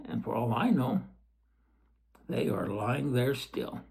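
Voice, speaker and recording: A man reading a storybook aloud in a gentle way, with chatty asides to the listener. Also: mid-range voice, slow, vocal fry, husky.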